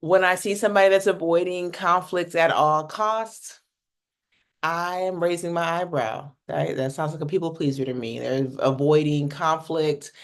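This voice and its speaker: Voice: mid-range voice, moderate pace. A communication coach from North America giving a workshop teaching talk in a casual, blunt manner, swearing freely and often checking in with "right?".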